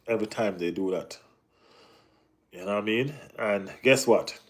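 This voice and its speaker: A man hosting a casual live football chat, talking in an animated way with lots of slang and repeated phrases. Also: lowish voice, moderate pace. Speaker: football channel host.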